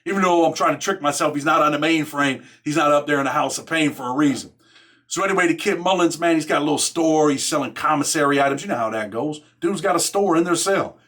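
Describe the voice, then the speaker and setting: A middle-aged man with a high-leaning, fairly bright voice talks fast as he shares a jailhouse story on his podcast. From Rochester, New York, he uses street slang throughout, repeats "man" and "right?" constantly, and imitates the other people in the tale.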